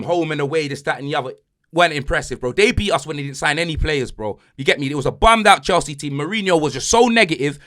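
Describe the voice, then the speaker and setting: Brief: young man, high and lively voice, trash-talking football host. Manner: loud, boastful, mocking, heavy slang. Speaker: podcast host. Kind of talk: animated football banter.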